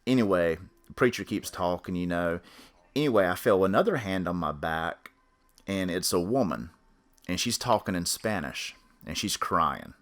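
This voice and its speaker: Guy with a real deep voice rambling thru a story, lots of fillers, pretty laid back. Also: expressive, normal speed. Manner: rambling, full of fillers and restarts. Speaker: podcast storyteller. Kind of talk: casual spoken storytelling.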